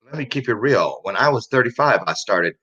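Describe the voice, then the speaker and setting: A man over fifty talks loosely as a show host, drifting through stories and chuckling at himself. His voice has a bright, forward edge at an ordinary pitch. The recording sounds dull and lo-fi. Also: animated, fairly quick, breathy edge. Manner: rambling, joking, laughs often. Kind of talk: casual chat show monologue.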